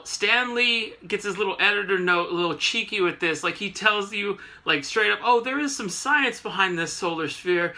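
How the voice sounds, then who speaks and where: Sarcastic man recapping comics, bright voice. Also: high voice. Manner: sarcastic, joking asides. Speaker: comic book reviewer.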